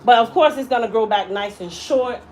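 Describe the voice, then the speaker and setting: Animated woman telling a salon story. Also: a little high, fairly quick, a little hiss or hum, poor audio. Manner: animated, acts out quoted voices. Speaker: hairstylist and salon owner. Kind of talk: emotional personal storytelling.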